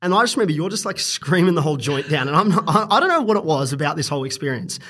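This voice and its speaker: A man's voice: on the high side, very animated, very fast, fairly bright tone. A young man telling a story in casual podcast chat, rambling and profane, often laughing. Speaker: podcast guest.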